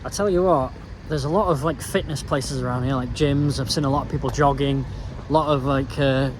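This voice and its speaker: Chatty man over loud street noise. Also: medium pitch, steady tone, brisk. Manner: chatty, self-mocking, mutters asides. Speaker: vlogger. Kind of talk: casual travel vlog. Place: outdoors in town and in a car. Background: loud outdoor and traffic noise.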